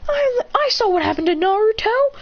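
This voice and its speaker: A woman playing a frantic young ninja boy in a storybook fan tale, yelping and whining in a high, swooping voice. The recording is dull and lo-fi, with a faint hiss behind it. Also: animated, normal speed. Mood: upset.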